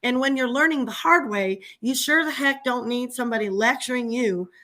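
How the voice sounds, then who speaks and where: A woman talks in a loose, animated way, venting about her day and laughing often. Her voice sits a bit high and sounds bright and forceful. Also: normal speed. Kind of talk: casual chat.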